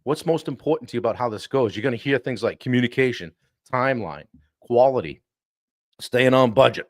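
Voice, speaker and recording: An animated male coach hosting a live-stream talk who often stops to clear his throat. His voice sits at an ordinary middle pitch. The sound is close and dry, with no room echo. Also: brisk. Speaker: sales coach and show host.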